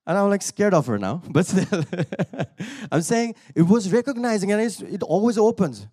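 A man's voice: high voice, sing-song, a little slow, darkish tone. A man preaching a sermon, telling a personal testimony in a loose, conversational way, laughing often, then rising into emphatic calls to the listeners. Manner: conversational storytelling that builds to emphatic exhortation; laughs often between sentences.

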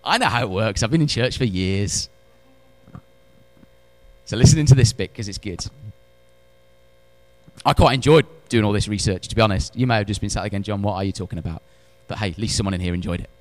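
Animated preacher, man. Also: on the low side, a little fast, long pauses, dry recording. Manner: animated preaching, swinging from loud to hushed, with wry asides. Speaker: pastor. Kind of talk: sermon. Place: church.

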